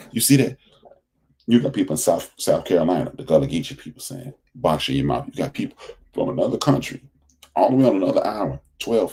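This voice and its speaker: Man, podcast host, low pitch, raspy, preachy, repeats himself for emphasis. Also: dark tone. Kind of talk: casual commentary monologue.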